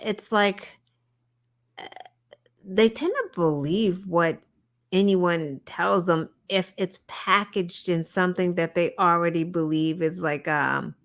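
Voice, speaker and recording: Animated woman co-hosting a podcast. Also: fairly low pitch. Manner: animated, mimics people she quotes. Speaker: podcast co-host. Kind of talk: casual political chat.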